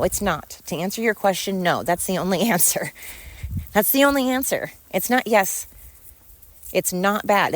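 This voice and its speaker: A woman's voice: mid-range voice, slight background noise. A woman hosting a solo podcast, ranting with indignation and mocking her critics through sarcastic rhetorical questions. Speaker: podcast host. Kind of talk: opinionated solo podcast monologue.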